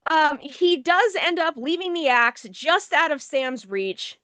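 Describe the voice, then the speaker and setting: A woman's voice: high-pitched, expressive, slow pace, a bit bright, no room sound. A woman co-hosting a movie review show, recapping the plot in a casual, wry, sarcastic way. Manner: sarcastic, wry, swears offhandedly.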